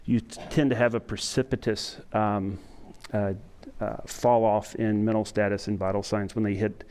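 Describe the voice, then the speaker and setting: A middle-aged man giving a training lecture to emergency medical staff, talking in a self-described monotone and pausing often with fillers. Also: on the low side, a little hiss or hum. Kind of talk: conference lecture to EMS staff. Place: lecture room with an audience.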